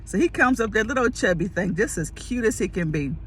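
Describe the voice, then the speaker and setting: A woman telling a casual story to camera, lively and laughing, acting out the people in it. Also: mid-range voice, a little fast, slight background noise. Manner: animated, acts out quoted voices, laughs often.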